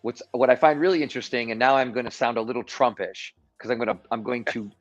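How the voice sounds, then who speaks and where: A man's voice: medium pitch, steady tone, quick pace, lo-fi sound. A man hosting a live-streamed show and giving emphatic, self-assured commentary with sarcastic asides. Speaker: show host. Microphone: live-stream mic.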